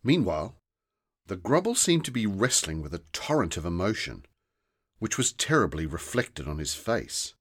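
A man narrating a children's fantasy story in a slow, deliberate storytelling manner. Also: sits low, sing-song, breathy edge.

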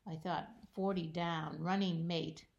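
A woman speaks quietly in a low, gravelly voice, chatting about a crossword. She often just murmurs agreement. The sound is dull and lo-fi. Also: steady tone, a little slow. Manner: quiet, soft-spoken, frequent murmured uh-huhs. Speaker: crossword podcast co-host. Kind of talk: casual chat.

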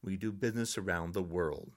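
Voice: low voice, fairly quick. An older podcast host in a frustrated, angry political rant.

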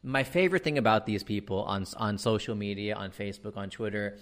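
A man from the United States rants through a comedy monologue with a fairly low voice, moving quickly and hardly pausing. He's animated and fed up, swearing freely and tossing in fillers.

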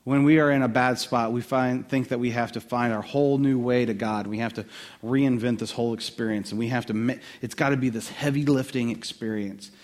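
A man preaching a sermon in a conversational, animated way, with quick asides to the listeners. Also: medium pitch. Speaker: pastor.

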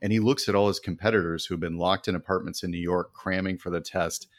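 A man's voice: sits low, fairly even intonation, fast talker, dry recording, studio quality. A man co-hosting a podcast, chatty and laughing often as he tells a history story. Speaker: podcast co-host. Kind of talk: casual history chat.

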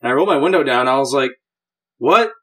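A man's voice: mid-range voice, racing, a bit bright. A man co-hosting a podcast, telling a story in casual chat with an easygoing, hedging manner. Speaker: podcast co-host.

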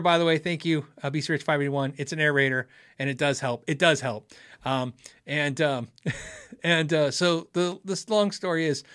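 A man's voice: on the high side, sharp tone, dry recording. Rambling middle-aged man, dry close sound. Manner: rambling, self-correcting, chuckles often. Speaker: livestream host reading chat. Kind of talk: casual storytelling chat.

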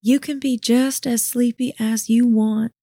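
A woman's voice: a little high, steady tone, unhurried, no echo, studio quality. A woman voicing a sultry soothing neighbor. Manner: soft, soothing, breathy delivery. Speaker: voice actor. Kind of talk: audio drama acting.

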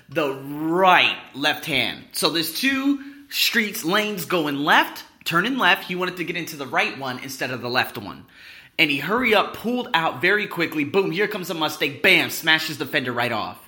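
A man's voice: a little high, bright, forceful tone. A young man hosting a podcast, telling a personal story in a blunt, profane, rambling way. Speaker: podcast host.

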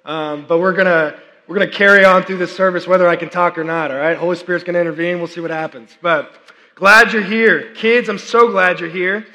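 At a church service, a thirties-aged worship pastor preaches with a high, bright voice at a slightly fast clip, weaving in personal stories with lots of chatty, animated fillers. He's clearly unwell, repeatedly trying to clear his throat, while the long reverb of a big hall surrounds his words.

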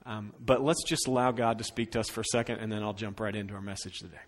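A middle-aged man preaching an Easter sermon as pastor, swinging between loud, emphatic stretches and hushed, slowed phrases. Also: on the low side, fairly even intonation.

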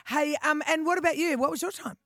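A woman's voice: high voice, quick pace, a bit bright, dry recording, clean studio sound. A woman co-hosting a breakfast radio show asks a guest friendly, curious questions in a live interview.

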